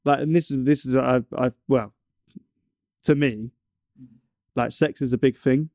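A man's voice: medium pitch, fairly even intonation, a little slow, a little mellow, no echo, studio quality. A young man from England in casual chat, telling a long story with many stumbles and restarts. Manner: rambling, stumbles and restarts often.

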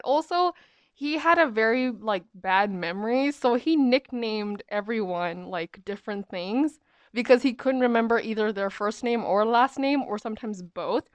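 A young woman in her twenties rambles through a casual storytime, full of fillers and asides. Her voice is clean and smooth. It sits close and dry, with no room around it. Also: a little high, animated, normal speed, dry recording. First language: English. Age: 20s. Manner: chatty, rambling, many "um" and "like" fillers.

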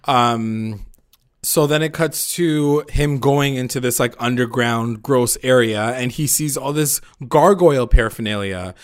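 Male podcast host, mid-pitched, loose and chatty, lots of "like" and laughter. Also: measured pace. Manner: chatty, filler-heavy, laughs often. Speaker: podcast host recapping episodes. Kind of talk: casual chat.

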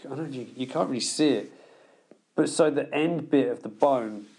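A man guesting on a podcast, chatting loosely and telling stories. He swears often and laughs at his own tales. His voice sits in an ordinary middle pitch. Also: moderate pace, a little mellow, breathy edge. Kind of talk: casual storytelling chat.

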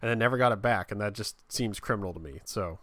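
A man co-hosting a casual chat, talking in a relaxed way and often repeating words as he starts a sentence. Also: fairly low pitch, fast, dry recording. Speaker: podcast co-host.

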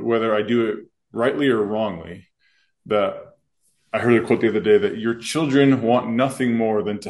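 A man co-hosting a podcast, speaking earnestly and reflectively as a school leader in casual discussion. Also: fairly low pitch. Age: adult with children. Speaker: school administrator and podcast co-host.

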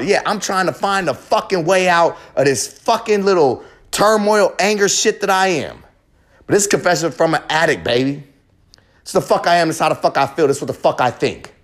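Man, high-pitched voice, confessional monologue, heated, profane, emphatic, short repeated phrases.

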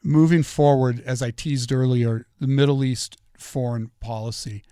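A man's voice: mid-range voice, fairly even intonation, measured pace, dark tone, smooth, no room sound, clean studio sound. A middle-aged man hosting a solo political commentary show, talking in an opinionated, conversational way and telling stories.

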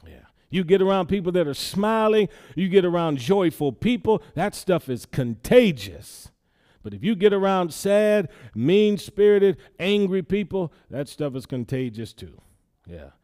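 A man's voice: sits high, sing-song, a little slow, darkish tone. A man preaching a sermon in a church in a conversational way, often adding "yeah" between points. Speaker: pastor.

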